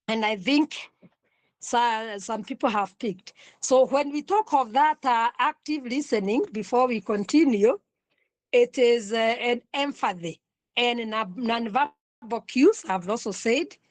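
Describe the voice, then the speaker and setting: A woman's voice: fairly high pitch, dry recording. Woman lecturer, raised voice, dry close sound, repeats her points. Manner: deliberate, repeats points, asks the class questions. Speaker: counselling lecturer. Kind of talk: online class lecture.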